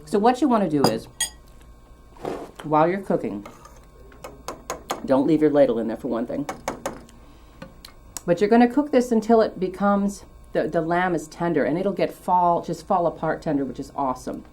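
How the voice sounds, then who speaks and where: A woman's voice: lowish voice, big pitch swings, moderate pace, long pauses, warm tone, a little hiss or hum. A woman hosting a cooking show, demonstrating a dish in a chatty, enthusiastic way with light teasing.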